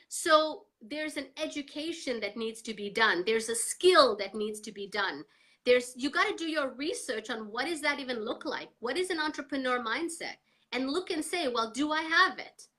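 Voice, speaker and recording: A middle-aged woman, a guest on a live interview, talking emphatically and energetically about mindset and coaching. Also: a little high. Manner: energetic, emphatic motivational talk.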